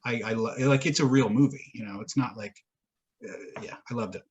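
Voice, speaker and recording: A man chats on a podcast with a husky, middle-pitched voice. He tells a long rambling story, swears freely and laughs often as he goes. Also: a little fast, dull audio. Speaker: podcast co-host. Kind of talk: casual chat.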